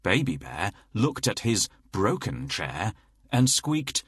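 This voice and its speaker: Children's storyteller, male, slow and lively, slightly husky, dry close recording. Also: lowish voice, no room sound. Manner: slow, expressive read-aloud.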